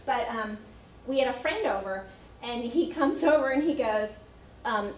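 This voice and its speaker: A woman's voice: a little high, animated, normal speed, a little hiss or hum. A middle-aged woman, an early childhood educator, telling potty-training stories to parents in a chatty way with laughter. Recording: echoey room, mic at a distance.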